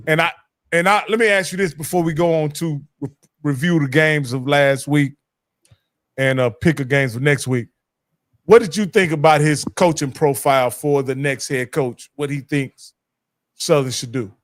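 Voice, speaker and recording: A man's voice: fairly high pitch, normal speed, no room sound, clean studio sound. A man hosting a casual sports talk show, easygoing and speaking straight to his viewers. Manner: easygoing, addresses viewers directly. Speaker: show host.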